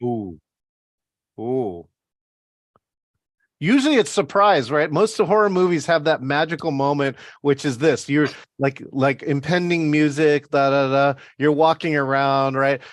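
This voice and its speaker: A man in casual conversation, excitable and tripping over his words. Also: fairly high pitch, moderate pace, hardly any pauses, no room sound, clean studio sound. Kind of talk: casual chat.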